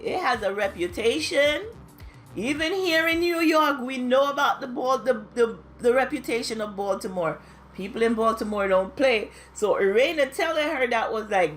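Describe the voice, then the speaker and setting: A chatty woman with a fairly high voice recaps a reality show in a casual, gossipy way. She acts out the cast's lines in high squeals. Soft music plays faintly behind her. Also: animated, moderate pace. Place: home, New York.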